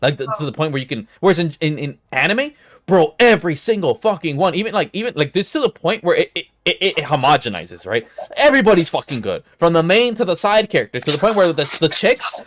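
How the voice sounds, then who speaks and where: Young guy ranting fast on a podcast, swearing a lot, voice jumping all over. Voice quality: swears a lot, animated rants with big pitch swings. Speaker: podcast host. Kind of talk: casual podcast chat.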